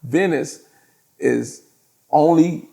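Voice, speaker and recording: A man, a podcast guest telling profane, animated stories and laughing through them. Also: on the high side, extremely slow, gravelly. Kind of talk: casual storytelling in an interview.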